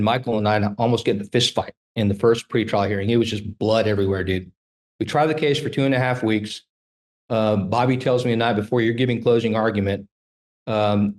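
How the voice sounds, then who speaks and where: With a fairly low-pitched voice, a trial lawyer in his fifties tells spirited stories in a casual interview, voicing the dialogue as if performing it.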